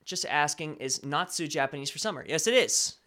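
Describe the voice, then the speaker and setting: Chatty, bright-voiced American man. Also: on the high side, animated, a little fast. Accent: slight Colorado American. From Colorado, USA. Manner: rambling, self-correcting, chatty. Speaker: live stream host. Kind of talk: casual chat answering viewer chat.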